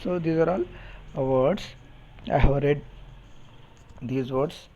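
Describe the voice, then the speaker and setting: A man with an Indian English accent teaching a phonetics lesson, speaking slowly and deliberately and repeating words to model their pronunciation. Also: on the high side, background noise. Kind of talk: recorded phonetics lecture. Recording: dull lo-fi recording.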